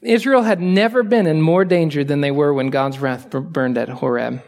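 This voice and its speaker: A male pastor delivers a sermon in a high, light voice. He talks to the congregation conversationally, asking rhetorical questions, and moves from quiet asides up to forceful, emphatic lines. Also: moderate pace, creaky.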